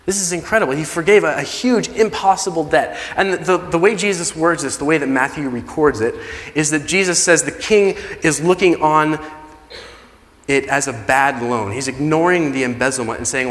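Male pastor, casual sermon style, somewhat high voice, big echoing church hall. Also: normal speed, fairly bright tone. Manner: conversational preaching, acts out quoted pleas. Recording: long reverb of a large hall.

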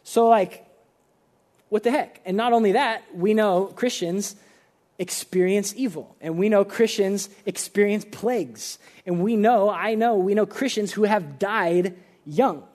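A man's voice: high voice, unhurried, darkish tone. A young man giving a casual, conversational sermon as a pastor, earnest and full of filler words.

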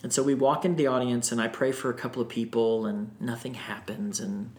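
Animated man telling a story. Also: medium pitch, fairly quick. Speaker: guest singer. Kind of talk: podcast storytelling. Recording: roomy echo.

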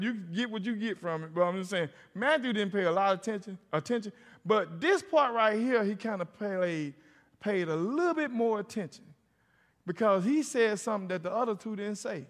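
A man's voice: sits high, lively intonation, normal speed. A middle-aged man preaching a sermon as a pastor, telling stories and calling out to the congregation. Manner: storytelling, calls out to the congregation. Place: church sanctuary. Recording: long hall reverb.

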